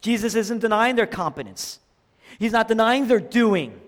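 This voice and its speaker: A man preaching a sermon, dramatic, swinging between loud emphatic lines and hushed low ones. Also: animated, normal speed. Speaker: pastor. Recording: long hall reverb.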